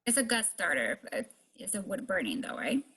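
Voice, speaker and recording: Breathy, lively woman on a call. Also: medium pitch. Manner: curious, asks quick questions. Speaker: prospective buyer on video call.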